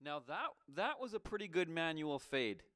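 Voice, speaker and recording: A young man hosts a call-in show with a fairly high, smooth and resonant voice. He needles his caller with mock suspicion in loose, casual banter. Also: big pitch swings, normal speed, fairly bright tone.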